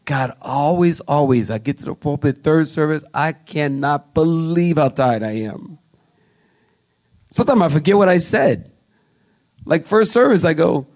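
Animated storytelling preacher man. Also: fairly high pitch, unhurried. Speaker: pastor. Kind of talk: sermon. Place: church sanctuary.

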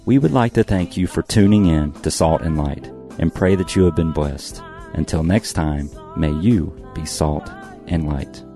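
Male radio announcer, very deep and warm, measured read over faint guitar. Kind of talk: scripted radio outro. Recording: faint guitar music underneath. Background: soft guitar music.

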